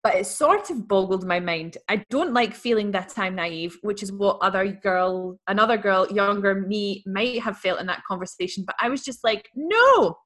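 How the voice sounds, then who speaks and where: A woman's voice: medium pitch, normal speed, few pauses, a bit bright. Woman, podcast co-host, casual chat, reads a letter aloud, wry. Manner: chatty and wry, laughs easily.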